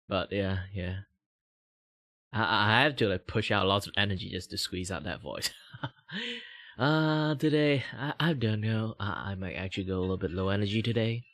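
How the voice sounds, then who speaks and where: A man's voice: fairly low pitch, normal speed, fairly bright tone, dry recording. A young man from Malaysia streaming as a VTuber, chatting casually at a desk mic in a rambling, self-mocking way and chuckling often. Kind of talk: casual livestream chat.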